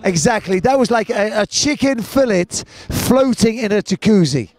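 A man with a high voice hosts a late-night street freestyle, loud and excitable. He chants catchphrases and hypes the moment, caught on a handheld camera out on the street. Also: normal speed. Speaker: host. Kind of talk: hype street presenting.

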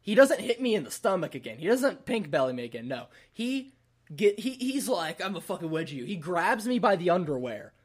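A man's voice: high voice, very animated, normal speed, husky. A young man casually telling a rambling, profane party story on a podcast, laughing often. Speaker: podcast host.

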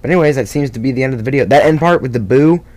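A man's voice: medium pitch, racing, a little mellow. A man casually talking about his own video, rambling and self-critical with lots of fillers and restarts. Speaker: video creator. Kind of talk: casual behind-the-scenes vlog talk.

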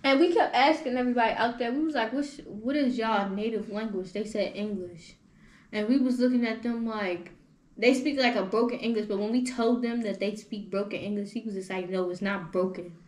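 A young woman hosting a podcast, telling travel stories in animated slang-filled casual chat. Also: fairly high pitch, a little fast. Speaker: podcast host. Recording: echoey room with faint noise.

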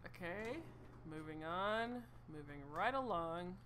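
A woman's voice: lowish voice, animated, slow pace, background noise. A woman streaming a horror video game, talking to herself in jumpy exclamations. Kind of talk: live horror game playthrough.

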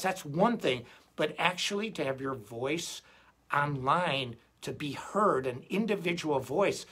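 A middle-aged man hosting a guitar live stream, chatting casually and rambling in an animated way, often restarting his sentences. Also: fairly high pitch, husky. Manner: rambling, animated, self-interrupting. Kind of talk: casual livestream chat.

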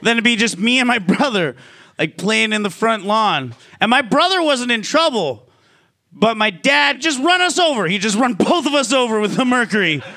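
A man's voice: extremely high pitch, big pitch swings, normal speed, pushed and bright. A man doing a stand-up comedy routine in a casual, profane style, full of "like" fillers.

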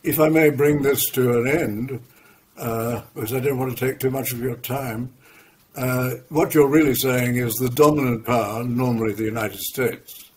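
A man's voice: medium pitch, steady tone, normal speed, a little mellow. An older man with an Australian accent hosting an interview, asking courteous questions and summarizing his guest's points. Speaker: host.

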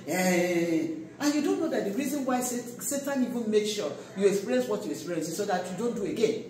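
A pastor preaching a sermon, swinging between loud exhortation and quiet asides. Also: medium pitch, animated, fairly quick. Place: large echoey church hall. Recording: echoey church hall from far off.

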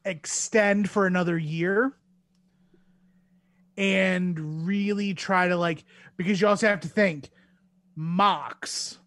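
A man co-hosting a casual podcast, unhurried, working through his ideas as he goes. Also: high voice, steady tone, a bit bright, no echo. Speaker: podcast co-host.

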